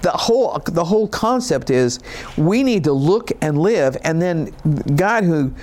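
Unhurried yet animated, this pastor has a fairly high-pitched voice with a darkish tone. His sermon reads scripture and explains it in a folksy, conversational style full of casual asides.

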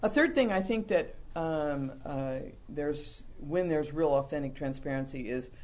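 A man preaching a conversational sermon in a folksy, humorous way, acting out the lines he quotes and dropping soft and low for confessions. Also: measured pace.

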